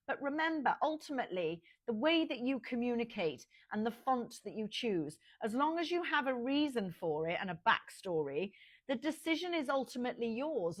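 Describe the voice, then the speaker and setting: A woman working as a fashion business consultant, giving casual advice straight to the listener in a conversational way, with small restarts. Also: a little high. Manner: conversational, with small restarts, addressing the viewer directly. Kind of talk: casual advice talk to camera.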